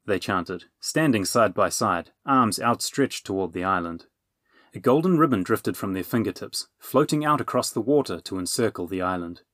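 A man narrating a children's fantasy audiobook with expressive storytelling. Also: fairly low pitch, dry recording, clean studio sound.

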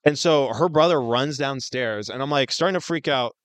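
A man's voice: medium pitch, moderate pace, a bit bright, clean tone, no echo. A man co-hosting a podcast, telling a long story in casual chat with lots of fillers and swearing. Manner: rambling, heavy on fillers and swearing. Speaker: podcast co-host.

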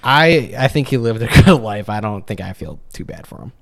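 A man's voice: fairly low pitch, very animated, moderate pace, gravelly, a bit bright. A man from the Chicago suburbs co-hosting a podcast, chatting casually in a crude, teasing way. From Chicago suburbs, USA. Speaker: podcast co-host. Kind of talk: casual chat.

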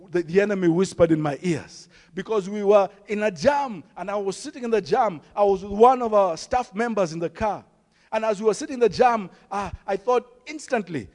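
A man with a Kenyan accent, a pastor preaching a sermon with emphatic rises, soft drops and storytelling. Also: high-pitched. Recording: long hall reverb.

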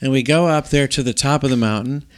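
A middle-aged man co-hosting a podcast, telling a long story in a rambling, animated way with many restarts. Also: medium pitch, fast talker, clean tone. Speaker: podcast co-host. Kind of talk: casual storytelling chat.

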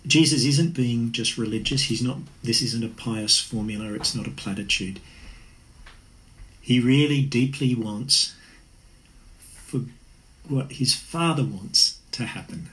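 A man's voice: mid-range voice, bright, forceful tone, rough recording. A man preaching an earnest, conversational sermon. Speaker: pastor.

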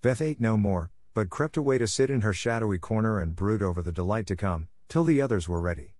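A man narrating a classic novel in a measured, expressive reading. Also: fairly low pitch, dry recording, clean studio sound.

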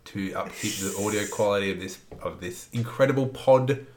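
A man's voice: lowish voice, moderate pace, darkish tone, slight background noise. A man co-hosting a podcast, joking and rambling in casual chat. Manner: jokey, rambling, puts on silly accents. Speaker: podcast co-host.

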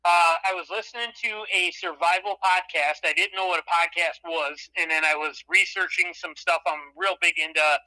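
A man's voice: fairly high pitch, fairly even intonation, normal speed, few pauses, sharp tone, low-quality recording. A man from Michigan, a podcast guest telling long rambling anecdotes in a casual chat.

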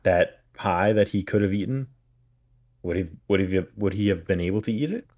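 A man's voice: sits low, normal speed, a little mellow. A man co-hosting a podcast, adding dry, wry comments while his co-host retells an episode. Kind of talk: casual episode recap.

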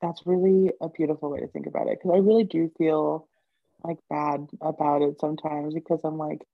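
A woman's voice: low voice, flat delivery, brisk, dry recording, highs cut off. A woman co-hosting a podcast in casual chat, affirming and supportive, with many fillers. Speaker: podcast co-host.

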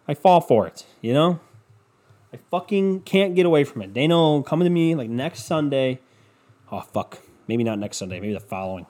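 A man's voice: on the high side, very animated, a little fast, darkish tone. A young man hosting a solo podcast at home, rambling and swearing in a sarcastic, scatterbrained way. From Cleveland. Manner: scatterbrained, profane, sarcastic ranting. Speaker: podcast host. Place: home room with windows open.

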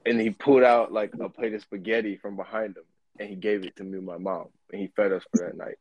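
A man's voice: lowish voice, fairly even intonation, fast talker, darkish tone, dry recording, lo-fi sound. A young man co-hosting a casual podcast, playfully telling tall tales and repeating himself for emphasis. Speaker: podcast co-host.

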